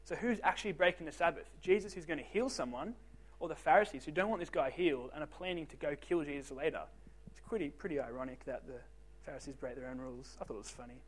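Speaking fast in a fairly high voice, a young man gives a casual youth group talk. He jokes, pokes fun at himself, and puts questions straight to the teens.

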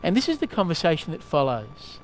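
A male preacher giving a sermon in a halting way, often asking the listeners questions. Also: a little high, wildly swooping pitch, slight background noise.

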